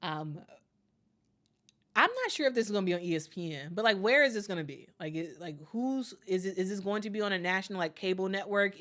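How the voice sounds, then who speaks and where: Hosting a live stream in a lowish, somewhat bright voice, a woman makes friendly, casual talk with her audience, her speech full of fillers and repeats. When she reads viewer messages and thanks people, her tone turns upbeat.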